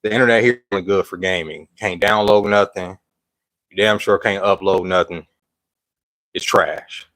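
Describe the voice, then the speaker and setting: A man's voice: deep voice, steady tone, moderate pace, a bit bright, no room sound, poor audio. A man hosting a live stream, out of breath with a phlegmy throat, chatting loosely and greeting viewers. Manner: loose, rambling talk with slang and restarts. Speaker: livestream host. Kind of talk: casual live-stream chat.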